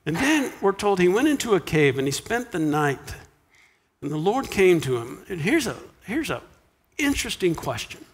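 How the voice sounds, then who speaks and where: A man preaching a sermon as pastor, animated, dropping to a hush for quiet lines. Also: sits high, normal speed, slightly rough, long reverb tail. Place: church sanctuary.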